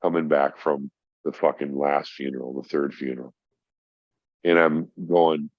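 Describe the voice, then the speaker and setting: A man's voice: extremely low pitch, steady tone, measured pace, no room sound. A middle-aged man from Minnesota, a podcast guest telling a heartfelt story in casual chat, swearing freely. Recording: dull, dry lo-fi sound.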